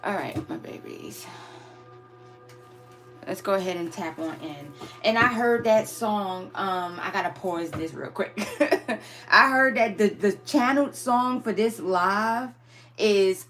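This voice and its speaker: A woman's voice: mid-range voice, slow pace, fairly bright tone, faint music behind. A woman hosting a casual live spiritual reading on her phone camera, chatty and affectionate toward her viewers. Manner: affectionate, chatty, calls viewers "my babies" and "y'all".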